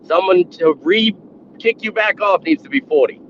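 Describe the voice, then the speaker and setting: A man's voice: high-pitched, normal speed, a bit bright, a little hiss or hum. A man with a Boston accent, a panel guest in casual podcast chat, blunt and joking. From New England, US. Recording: dull lo-fi stream audio.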